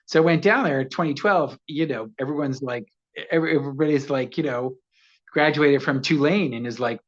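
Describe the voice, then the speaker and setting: Man, 60s, guest storyteller; animated, laughs a lot, acts out voices; slightly muffled audio. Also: mid-range voice, brisk. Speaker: actor guest. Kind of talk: casual interview storytelling.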